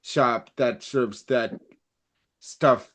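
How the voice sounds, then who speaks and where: A man's voice: medium pitch, drawn-out words, a bit bright. A man in a casual roundtable chat, rambling with lots of fillers and restarts.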